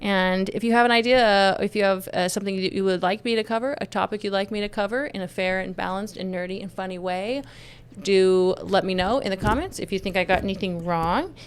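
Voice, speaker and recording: A woman's voice: medium pitch, brisk, clear, resonant tone. A woman from Texas giving her opinions in a casual vlog, joking and rambling with many restarts. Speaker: YouTube commentator.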